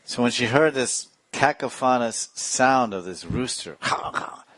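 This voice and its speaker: A man's voice: medium pitch, lively intonation, unhurried, fairly bright tone, dry recording. A man teaching a devotional class, telling stories animatedly with imitated sounds and chuckling asides. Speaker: spiritual teacher.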